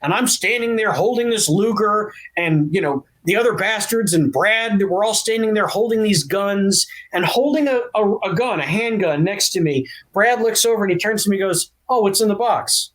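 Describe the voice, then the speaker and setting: A man guesting on a podcast interview, telling an animated anecdote. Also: high-pitched, normal speed, hardly any pauses. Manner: animated storyteller. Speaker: actor guest.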